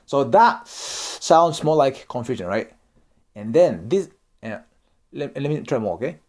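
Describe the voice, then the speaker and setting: In a relaxed online lesson about Japanese customs, this Japanese man speaks accented, non-native English in a mid-range, expressive voice, taking his time. He acts out sample dialogues and keeps asking "okay?" and "right?" as a YouTuber covering Japanese culture.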